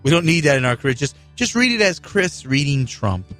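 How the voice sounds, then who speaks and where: A man co-hosting a radio show, bantering in a relaxed, joking way. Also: on the high side, brisk, faint music behind. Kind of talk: casual political chat.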